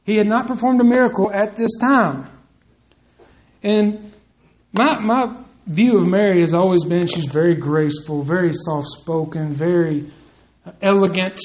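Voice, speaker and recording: High-voiced preacher addressing the men. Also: male voice, a little slow, a little mellow, poor audio. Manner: conversational, addresses the men directly, acts out quotes. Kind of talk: sermon with scripture reading.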